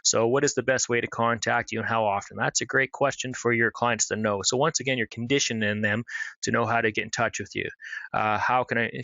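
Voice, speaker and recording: Brisk, bright-voiced male webinar presenter. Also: lowish voice, dry recording, highs cut off. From Canada. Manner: brisk, conversational, with many fillers. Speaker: marketing presenter.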